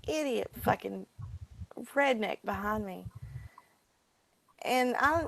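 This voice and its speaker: A woman's voice: fairly high pitch, gravelly, no room sound. A woman telling a story with indignation, swearing and acting out both sides of an argument. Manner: indignant, swearing, animated retelling. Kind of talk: casual storytelling.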